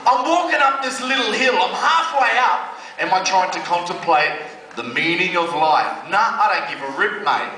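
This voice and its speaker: A man's voice: high-pitched, animated, normal speed, bright, forceful tone, heavy reverb, distant mic, low-quality recording. A man from Australia with an Australian accent, telling a comic, slangy personal story as a speaker giving a testimony. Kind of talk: storytelling talk.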